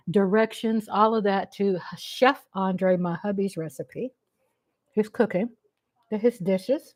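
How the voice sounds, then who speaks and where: Woman, live-stream host, casual chat, promotional, "um" fillers, mid-pitched voice. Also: steady tone, takes it slowly, darkish tone. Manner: chatty, promotional, with frequent "um" fillers. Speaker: channel host.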